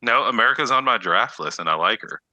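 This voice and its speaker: A man's voice: mid-range voice, animated, fast talker, pushed and bright, no room sound, muffled recording. A man co-hosting a casual podcast chat over a video call, teasing and laughing a lot. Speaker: podcast co-host.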